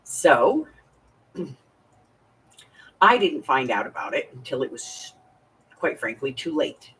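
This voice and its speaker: Greeting viewers by name, a fifties-aged woman chats confidingly and casually during her crafting live stream. Her very deep voice is sing-song and slow, with a fairly bright, slightly rough tone, and the mic picks her up from a bit too far away.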